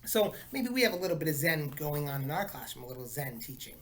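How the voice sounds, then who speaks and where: A male teacher chatting to his class and reading a picture book aloud, animated and chatty. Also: fairly high pitch, quick pace.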